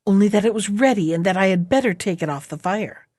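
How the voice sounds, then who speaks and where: A woman voicing a gentle young maiden in a fairy tale who speaks softly and carefully. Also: medium pitch, expressive, fast talker, no echo, clean studio sound, natural voice. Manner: soft and hushed. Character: gentle young maiden, frightened but clever.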